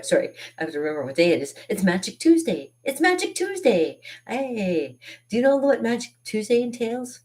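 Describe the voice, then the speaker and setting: This is a woman with a low voice, hosting a casual live stream from her art studio. She rambles and giggles between phrases. When something excites her, her pitch leaps up. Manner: animated, big jumps up in pitch when excited. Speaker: party artist and live-stream host.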